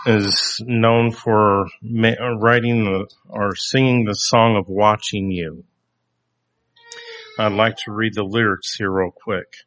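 A man hosting a faith talk show, giving reflective Christian commentary in an unhurried, thoughtful way with a touch of self-deprecation. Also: lowish voice, fairly bright tone. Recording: dull lo-fi recording.

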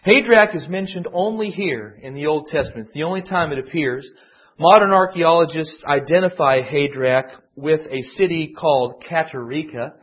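A man's voice: fairly high pitch, moderate pace. A man teaching a conversational Bible lesson, digressive and emphatic, often restarting his sentences. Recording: dull lo-fi classroom recording.

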